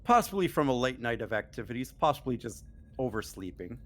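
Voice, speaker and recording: Brief: male game master, mid-pitched, easygoing, narrates the scene with fillers. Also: brisk. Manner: relaxed, with many fillers and restarts. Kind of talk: narrating a tabletop role-playing game.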